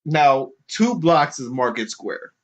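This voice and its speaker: A man hosting a podcast, telling a story casually and putting on high mocking voices for the people he quotes, laughing often. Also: very animated, slow. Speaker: podcast host. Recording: dull lo-fi podcast recording.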